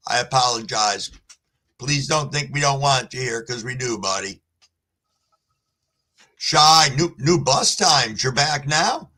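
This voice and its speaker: Slow-talking man hosting a live stream. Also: mid-range voice, expressive, bright, forceful tone. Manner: laid-back, profane, apologetic. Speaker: livestream host. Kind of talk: casual livestream chat.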